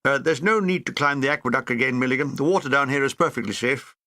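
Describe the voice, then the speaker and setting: A man's voice: medium pitch, fast talker, sharp tone, dry recording, pitched below the performer's own voice, close to an everyday voice. A man reading a war memoir aloud and voicing a dry, understated army major.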